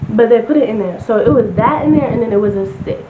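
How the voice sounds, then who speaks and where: A woman's voice: fairly high pitch, fast talker. Chatty young woman in a roomy, dull recording. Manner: chatty, lots of "like", animated retelling with quoted voices. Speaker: vlogger. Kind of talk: casual storytime vlog. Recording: roomy, slightly dull home recording with noise.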